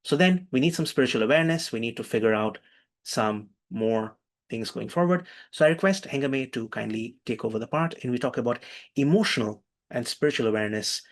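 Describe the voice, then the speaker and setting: A man speaking over a video call as he teaches an online workshop. He is animated and keeps repeating his instructions, steering the group through slow breaths. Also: mid-range voice. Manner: animated, calls for attention, repeats phrases.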